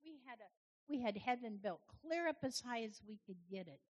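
Husky woman giving a chatty sermon. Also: fairly high pitch, animated, brisk, dull audio. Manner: conversational, chatty with the audience, many restarts. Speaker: church speaker. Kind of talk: informal sermon to a congregation.

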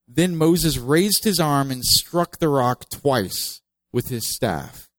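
A man's voice: mid-range voice, expressive, unhurried, dry recording, rough recording. Conversational male pastor, dry close sound. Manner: conversational, joking asides, reads scripture with emphasis. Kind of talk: sermon.

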